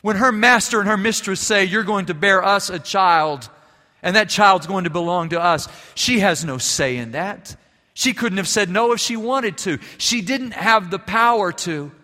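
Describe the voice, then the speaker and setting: A man preaching a sermon as pastor, telling stories and moving between quiet, hushed passages and emphatic ones. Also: high voice, moderate pace, long reverb tail.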